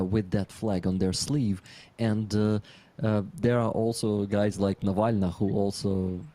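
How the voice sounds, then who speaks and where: A man from Ukraine, speaking earnestly and haltingly on a livestream, with many fillers. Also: lowish voice, mellow. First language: Russian. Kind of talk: casual livestream chat.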